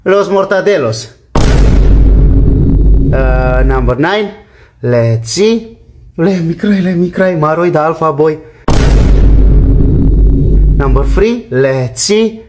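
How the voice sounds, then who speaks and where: A man ranking internet memes in a playful sing-song, repeating catchphrases and dropping low to announce each number. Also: expressive, takes it slowly, pauses often. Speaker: content creator ranking memes. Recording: loud background noise.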